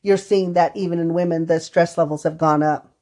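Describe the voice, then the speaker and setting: A woman's voice: lowish voice, steady tone, a little fast, mellow. Woman therapist telling client stories. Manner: storytelling, acts out quoted dialogue. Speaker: therapist co-host. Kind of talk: podcast conversation.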